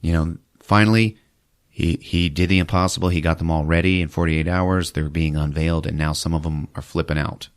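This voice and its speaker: A man with a very low voice hosts a comedy podcast, retelling a film's plot with loose, animated energy. He keeps breaking into squeaky put-on voices for the characters. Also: brisk, smooth. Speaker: podcast host recapping a movie. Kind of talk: comic movie recap.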